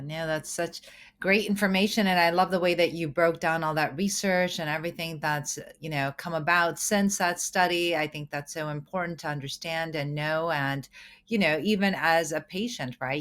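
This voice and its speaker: Low-voiced woman hosting a podcast. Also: a bit bright. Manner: upbeat, explanatory, with frequent fillers. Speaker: podcast host. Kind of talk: podcast countdown and interview chat.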